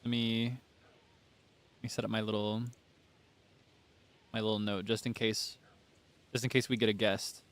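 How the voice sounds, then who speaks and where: A man's voice: on the low side, flat delivery, a little slow, long pauses. A man casually chatting to his viewers while streaming a game, talking straight to them and breathless from laughing fits. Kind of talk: casual gameplay stream chat.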